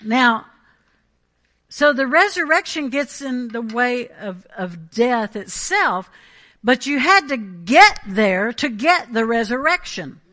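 Preaching a Pentecostal sermon slowly, this woman uses a fairly high, sing-song voice with a bright, tense edge. She presses hard on key phrases and keeps checking in with her congregation.

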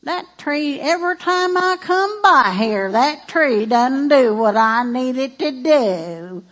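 A woman's voice: high-pitched, animated, takes it slowly. A woman putting on a grumbling southern-drawl Jesus. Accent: Southern US, put on. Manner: whiny complaining drawl.

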